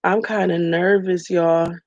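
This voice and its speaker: A woman's voice: lowish voice, level tone, measured pace, a little mellow, dry recording, muffled recording. A woman vlogger speaking candidly and tearfully to her viewers, calling them y'all, in an emotional personal vlog.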